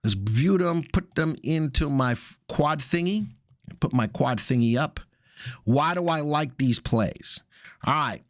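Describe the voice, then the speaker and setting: A man's voice: medium pitch, no room sound. Male market-analysis host, casual live commentary, mid-range voice, dry close sound. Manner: casual, chatty, jokey asides.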